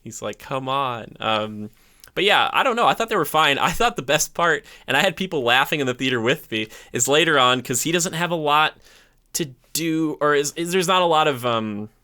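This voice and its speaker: A man on a podcast talks casually through a movie review. His voice is bright and forward. He keeps slipping into quoted character voices to act out scenes. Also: fairly high pitch, animated, normal speed. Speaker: podcast co-host.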